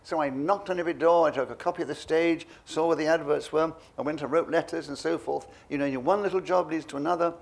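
Older man telling lively stories. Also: fairly high pitch, quick pace, creaky, hardly any pauses. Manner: lively storyteller, acts out voices. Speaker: interviewee. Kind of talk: reminiscing anecdotes.

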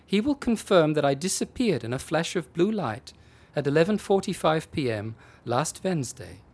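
A man reading aloud and voicing a calm, matter-of-fact woman in a storybook. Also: a little high, moderate pace, slightly rough. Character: calm unflappable German woman abductee.

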